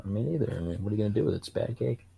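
A man's voice: lowish voice, lively intonation, rapid-fire, creaky, mellow, slightly rough. A man co-hosting a podcast in casual chat, laid-back and teasing. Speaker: podcast co-host.

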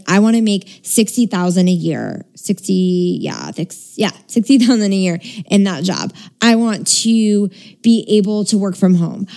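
A woman's voice: medium pitch, darkish tone. A young adult woman, a spiritual coach, talking casually about setting intentions, chatty with frequent laughs and casual swearing.

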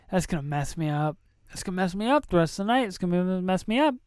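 A podcast host reacting emotionally while watching a movie for a commentary episode, excitable and dropping to whispers at moving moments. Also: mid-range voice, fast, smooth, dry recording, clean studio sound.

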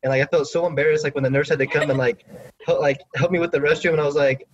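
A man's voice: fairly high pitch, steady tone, fast, slight background noise. A man with a sarcastic, rambling way of talking, telling a hospital story in casual chat, on a dull lo-fi recording. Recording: dull lo-fi sound.

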